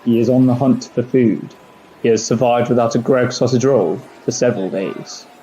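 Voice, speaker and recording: Male narrator, mock nature-documentary style, solemn and hushed, mellow tone, dull lo-fi recording. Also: medium pitch, fairly even intonation, moderate pace, slight background noise. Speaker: student narrator. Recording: muffled, dull lo-fi sound.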